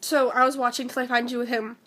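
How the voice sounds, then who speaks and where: A high-voiced teenage girl recounts a personal story in a breathless, gushing rush. Her speech is shaky and tearful, and she leans on "like" constantly. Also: little pitch movement, quick pace, a bit bright, slight background noise. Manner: breathless, gushing, heavy use of "like". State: shaky and emotional, near tears. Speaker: vlogger.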